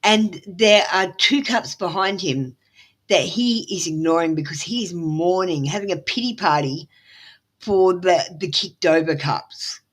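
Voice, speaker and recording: A woman's voice: on the low side, a little slow, low-quality recording. A middle-aged woman with an Australian accent doing a live tarot reading, blunt, motherly and swearing freely. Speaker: tarot reader.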